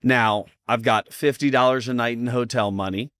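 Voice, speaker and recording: A man from the US East Coast, a podcast guest telling a story in a blunt, animated way and acting out the dialogue. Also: mid-range voice, normal speed, clean tone, dry recording, clean studio sound. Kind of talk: casual storytelling chat.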